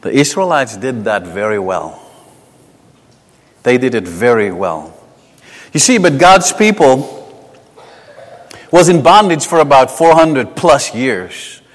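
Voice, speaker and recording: A man with a South African accent preaching a sermon. He talks conversationally and tells personal stories, moving between emphatic lines and hushed asides. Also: mid-range voice, lively intonation, takes it slowly, pauses often. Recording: long hall reverb.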